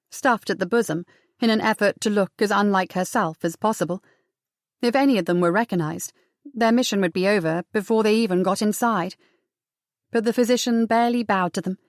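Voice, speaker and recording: Casting: woman audiobook narrator, measured and expressive, mid pitch, dry close recording. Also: dry recording.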